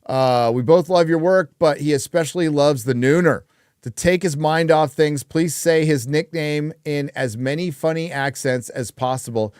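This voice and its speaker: A man's voice: fairly high pitch, normal speed, darkish tone, clear, resonant tone, no echo, studio quality. A man hosting a casual livestream chat, ranting with plenty of swearing and reading out viewer donations. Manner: profane, ranting. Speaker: host; reads viewer donations aloud.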